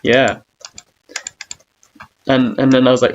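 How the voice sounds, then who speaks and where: A young male streamer chats casually while gaming, rambling and poking fun at his own awkwardness, humming and singing between lines. His medium-pitched voice is fairly even at normal speed, and the recording is lo-fi with a slight hiss or hum.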